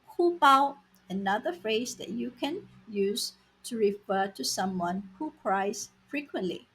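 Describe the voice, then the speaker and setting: A woman teaching vocabulary in a scripted lesson, saying words slowly and repeating them for learners. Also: mid-range voice, expressive, slight background noise, rough recording. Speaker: language teacher.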